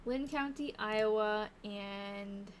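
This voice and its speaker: A tired, yawning woman with a mid-range voice speaks very slowly while hosting a live stream, researching old diaries. She thinks aloud, reading old newspaper snippets and chatting casually with viewers, over slight background noise.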